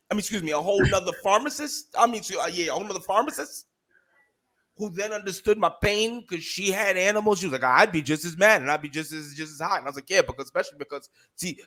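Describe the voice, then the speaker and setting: A man co-hosting a podcast, telling a story in casual chat, profane and heated, animated as he goes. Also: high voice. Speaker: podcast co-host.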